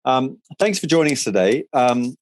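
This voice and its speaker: A man with an Australian accent softened by years in England, hosting a business webinar in a chatty, upbeat way with many fillers. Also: mid-range voice, sing-song, moderate pace, dry recording. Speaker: managing director and webinar host. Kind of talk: casual webinar presentation.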